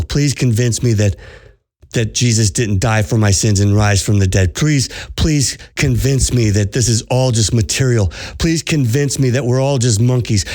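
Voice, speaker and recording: A man speaks earnestly as a podcast host and spiritual coach, pressing his points with urgent repetition. His voice sits at an ordinary middle pitch. The recording is dry and close, with no room sound. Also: darkish tone, no room sound. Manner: earnest, urgent, repeats phrases for emphasis. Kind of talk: preached monologue to listeners.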